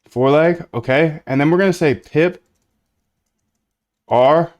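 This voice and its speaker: A man's voice: on the high side, a little slow, darkish tone, muffled recording. A man streaming himself coding, chatting casually and thinking aloud as he works. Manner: thinks aloud while working, chatty and loose. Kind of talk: casual live-coding chat.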